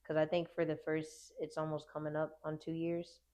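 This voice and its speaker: Low-voiced woman hosting a podcast. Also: completely flat delivery, moderate pace, a little mellow. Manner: supportive listener, frequent affirmations. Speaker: podcast host. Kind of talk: casual podcast conversation.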